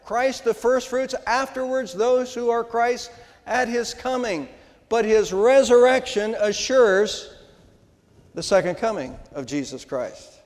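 An older man, a pastor, preaching an Easter sermon in a church, with emphatic rises and slow, stressed words. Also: very high-pitched. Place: church sanctuary. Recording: long hall reverb.

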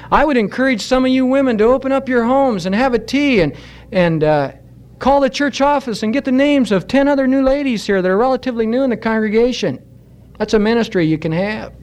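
A man with a fairly high voice preaches a Sunday sermon in church. He urges his congregation earnestly and slows down to drive each point home. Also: a little mellow. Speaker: pastor.

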